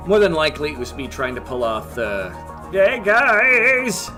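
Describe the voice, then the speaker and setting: A man streams a game and talks over it nonstop, his voice slightly strained. He scolds and swears at his colonists, his pitch jumping all over, with a bright, forward tone and faint music underneath. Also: very animated, fairly quick. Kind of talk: livestream gameplay commentary.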